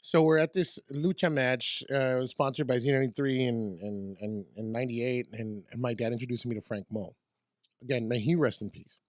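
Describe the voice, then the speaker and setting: A man in his forties telling stories in a casual podcast interview, animated and acting out quotes in different voices. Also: medium pitch, normal speed, no echo, clean studio sound. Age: 40s. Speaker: radio DJ guest. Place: podcast studio.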